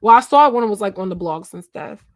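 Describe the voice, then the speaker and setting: A woman's voice: medium pitch, animated, fast talker, dry recording. A woman in her twenties from Philadelphia, hosting a casual gossip livestream and chatting with her viewers while she looks things up. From Philadelphia, USA. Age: 20s. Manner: chatty, talks to chat, trails off and searches aloud. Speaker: livestream host.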